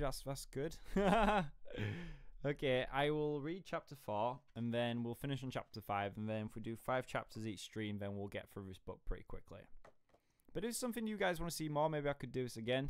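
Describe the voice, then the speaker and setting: Man, casual livestream read-aloud, rambling and self-mocking, clear voice. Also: medium pitch, no echo. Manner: chatty, rambling, laughs at himself. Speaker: streamer reading a book aloud.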